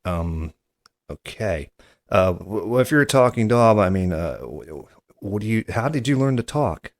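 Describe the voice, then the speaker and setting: A man's voice: lowish voice, very animated, moderate pace, no room sound. A man hosting a comedy podcast, talking hesitantly with stammers and a skeptical tone. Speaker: podcast host. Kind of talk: comedy podcast prank call.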